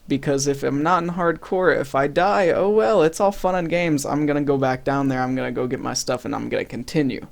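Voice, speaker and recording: A man's voice: fairly high pitch, moderate pace, gravelly, hardly any pauses. A man casually narrating his own game footage in a laid-back, rambling, self-deprecating way. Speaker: gaming channel host.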